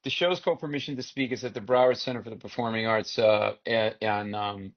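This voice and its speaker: A man who is a comedian guest, telling comic stories in an animated, rapid way with frequent "right?" asides. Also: lowish voice, a loud crowd. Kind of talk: comic storytelling. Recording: dull lo-fi sound.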